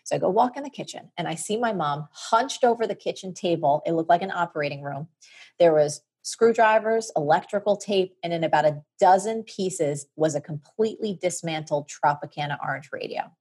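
A middle-aged woman from New Jersey, a podcast guest telling a personal story in an animated, vivid way. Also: lowish voice, moderate pace, slightly rough.

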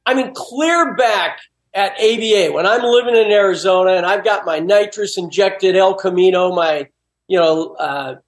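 A man talking as a guest in a casual chat, an animated storyteller who laughs easily. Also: high-pitched, moderate pace. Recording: roomy echo.

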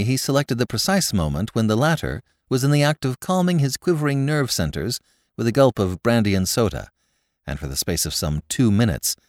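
A man narrating classic fiction in a wry, expressive storytelling manner. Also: fairly low pitch, no room sound, clean studio sound. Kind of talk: audiobook reading of classic fiction.

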